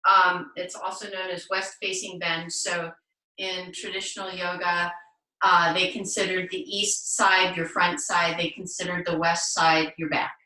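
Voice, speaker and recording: Bright-voiced woman teaching yoga online. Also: fairly low pitch, little pitch movement, measured pace, reverberant, distant mic, poor audio. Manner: gentle, encouraging cueing with playful asides. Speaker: yoga instructor. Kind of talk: live online yoga class instruction. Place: home room, on a video call.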